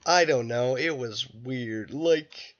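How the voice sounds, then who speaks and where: A tired young man rambling through a casual, irreverent movie review late at night, breaking into loud bursts when quoting scenes. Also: medium pitch, takes it slowly, background noise. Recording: dull lo-fi home recording.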